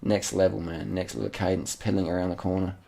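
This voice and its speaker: A man giving excited, slangy, repetitive commentary over race footage, with casual swearing. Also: sits low, quick pace, vocal fry. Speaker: channel host.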